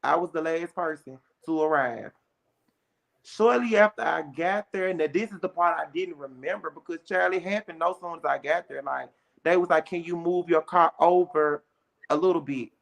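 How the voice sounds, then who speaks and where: A young adult woman, a guest on a casual chat show, telling a story in an animated way with plenty of slang. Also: low voice, moderate pace, gravelly.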